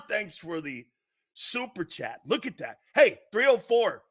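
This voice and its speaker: A man hosting a sports talk show, shouting, taunting and laughing in a wildly excitable, mocking way. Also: on the high side, unhurried.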